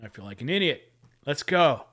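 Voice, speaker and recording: A man's voice: on the high side, very animated, normal speed. A man hosting a livestream and chatting casually as he reacts to videos. He rambles, chuckles and trips over his words. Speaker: livestream host.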